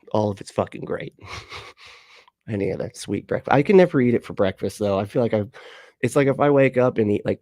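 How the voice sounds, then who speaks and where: A man's voice: fairly low pitch, vocal fry, warm tone, dry recording. A man in his late thirties hosting a casual livestream, rambling through chat comments with frequent laughs and casual swearing. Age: late 30s. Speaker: livestream host.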